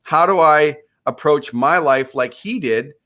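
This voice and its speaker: A man's voice: a little high, a little slow, pushed and bright. A man in his fifties, from Minneapolis, a podcast guest telling a personal story in an earnest, motivational way, often restarting his sentences. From USA, Minneapolis. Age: 50s. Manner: earnest, motivational, repeats words when starting sentences. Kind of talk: conversational storytelling.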